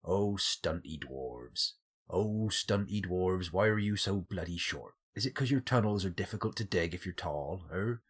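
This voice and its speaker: Gruff male dwarf put on by a man, drawn-out sing-song, husky tone, game stream. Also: low-pitched, lively intonation, heavily acted. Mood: mocking. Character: gruff male dwarf singing a mocking ditty.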